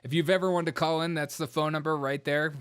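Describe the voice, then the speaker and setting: Giggly, animated male livestream host. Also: fairly high pitch, quick pace, clear, resonant tone. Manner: giggly, animated, laughs through his words. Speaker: show host. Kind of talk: livestream commentary.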